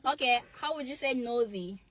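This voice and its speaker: A woman's voice: fairly high pitch, moderate pace, a bit bright. Barbadian woman asking slang questions. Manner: quiz-like, asking and comparing phrases.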